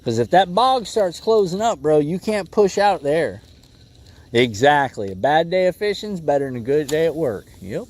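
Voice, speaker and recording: A man's voice: on the high side, big pitch swings, normal speed, a little mellow. A man hosting a casual fishing livestream from a boat, laid-back and calling viewers "bro" and "bud.". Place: outdoors on a boat on a lake.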